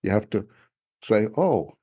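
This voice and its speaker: An older man talking in a thoughtful, halting way about spiritual life, often chuckling as he speaks. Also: mid-range voice, animated, mellow. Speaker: podcast guest author. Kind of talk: reflective spiritual conversation.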